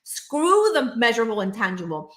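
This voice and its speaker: A woman business coach talking straight to camera in an energetic, emphatic way, full of "like" and "right?", acting out her clients' inner worries in quick asides. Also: a little high, roomy sound. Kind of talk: direct-to-camera coaching monologue.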